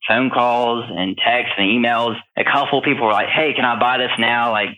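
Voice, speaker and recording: A man's voice: medium pitch, steady tone, moderate pace, sharp tone. A man who is a guest on a podcast, telling a deal story in a casual, rambling way with lots of fillers, heard over a phone line. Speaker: podcast guest, real estate wholesaler.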